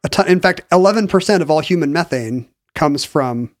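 A man's voice: on the high side, expressive, fairly quick, no echo, clean studio sound. A man co-hosting a podcast, explaining a story in a chatty, wry way with frequent restarts. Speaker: podcast co-host. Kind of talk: casual chat, explaining a story.

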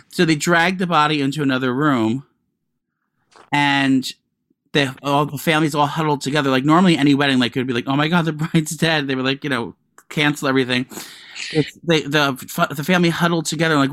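A man's voice: a little high, fairly quick, dry recording. Gossipy man on a casual podcast. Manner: gossipy, swears freely, animated retellings. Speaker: podcast co-host.

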